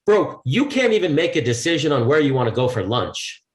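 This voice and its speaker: A man's voice: fairly high pitch, big pitch swings, brisk, roomy sound. A man who is a motivational speaker talking in a podcast interview, pressing home his points with repeated rhetorical questions. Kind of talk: emphatic podcast conversation.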